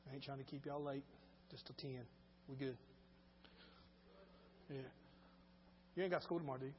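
A male pastor preaching a sermon, moving between quiet storytelling and shouted preaching in casual speech. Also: medium pitch, fairly even intonation, moderate pace, long reverb tail, lo-fi sound, a little hiss or hum. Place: church.

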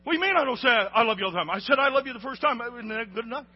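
A man preaching a sermon to a congregation, calling for responses and shouting at the peaks. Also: extremely high pitch, animated, rapid-fire, breathy edge. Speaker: pastor. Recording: lo-fi recording with long hall reverb.

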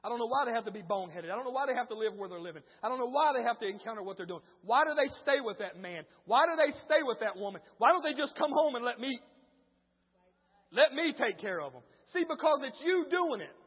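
A man preaching in a church with a very high, husky voice. He drops to quiet storytelling, then rises to shouted exhortation. The sound is dull and carries a long hall echo. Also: lively intonation, fast talker. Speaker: pastor. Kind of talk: sermon.

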